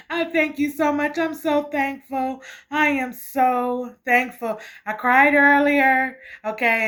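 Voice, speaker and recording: A woman's voice: a little high, fairly bright tone. A woman hosting her spiritual vlog, emotional and grateful, tagging nearly every sentence with "okay" and breaking into laughter. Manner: emotional, repeats "okay" often; laughs and gushes with gratitude. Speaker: spiritual channel host.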